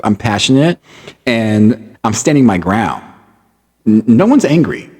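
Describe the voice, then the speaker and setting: Vlogger man, low husky voice, very animated delivery, emphatic retelling. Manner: animated, acts out quotes, laughs, emphatic repetition. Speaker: channel host recounting an incident. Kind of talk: heated personal storytelling to camera.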